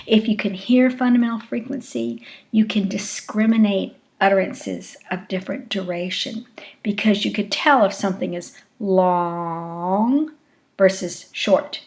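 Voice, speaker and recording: A woman delivers a recorded lecture on speech acoustics, explaining deliberately and acting out short example phrases. Her voice is mid-range and darkish, with fairly even intonation.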